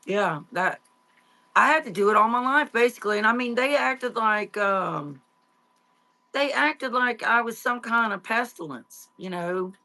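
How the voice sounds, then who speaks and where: A middle-aged woman, an interview guest, telling her life story in a halting, tearful way with many fillers and restarts. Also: a little high, animated, pushed and bright. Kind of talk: emotional personal storytelling.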